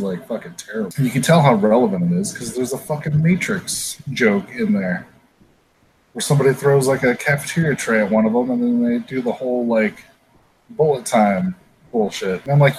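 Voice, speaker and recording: A man's voice: medium pitch, lively intonation, normal speed, a little hiss or hum, rough recording. A man hosting a podcast, chatting casually and ranting with frequent swearing. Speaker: podcast host. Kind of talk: casual chat.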